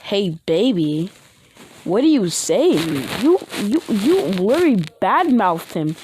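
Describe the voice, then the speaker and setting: An indignant teenage girl scolds her classmates in a fan-made spoken story, voiced by a woman. The voice sits fairly low but climbs as the accusations pile up. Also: very animated, takes it slowly, background noise.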